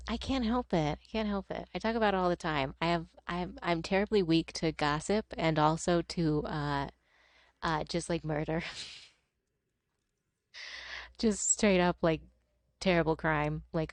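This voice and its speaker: A woman's voice: fairly low pitch, unhurried, pauses often, no room sound. A young woman streamer chatting casually while she plays, rambling and swearing with frequent laughter. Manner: rambling, profane, laughing often. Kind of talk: casual chat while gaming.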